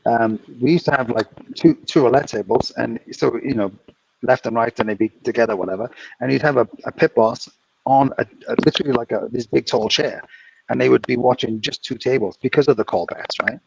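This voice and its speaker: A man co-hosting a casual podcast chat, telling animated casino anecdotes and acting out the quotes. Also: mid-range voice, fairly quick, vocal fry. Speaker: podcast co-host, former dealer. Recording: distant, dull lo-fi mic with faint noise.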